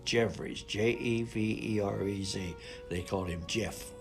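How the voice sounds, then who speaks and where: Elderly man, low gravelly voice, folksy rambling storyteller, faint music behind. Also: steady tone, measured pace. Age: 80s. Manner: folksy, rambling, colloquial grammar. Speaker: minister's son recounting family photos. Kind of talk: informal storytelling.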